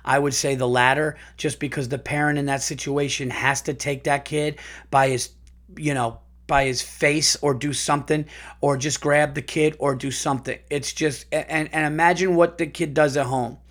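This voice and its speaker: A man hosting a podcast, reading a listener's story aloud and reacting in casual, profane, animated chat. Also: a little high, normal speed.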